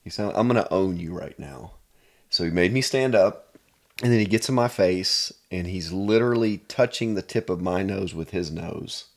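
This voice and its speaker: A man's voice: sits low, moderate pace. A man from Pennsylvania, a chiropractor guest, telling personal stories in an earnest, casual way. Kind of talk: casual storytelling.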